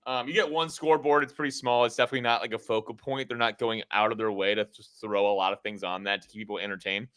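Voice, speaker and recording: A man's voice: on the low side, fairly even intonation, fast, fairly bright tone, clear, resonant tone. A man hosting a casual sports podcast, rambling and joking with lots of fillers. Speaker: podcast host. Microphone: podcast mic.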